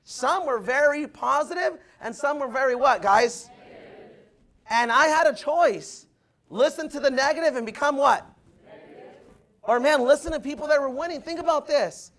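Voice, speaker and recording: A young man from Southern California gives an excited motivational talk to a meeting room, telling stories and keeping checking in with the crowd. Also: very high voice, moderate pace. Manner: excited, storytelling, keeps asking the room "right, guys?". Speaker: motivational speaker at a recruiting meeting.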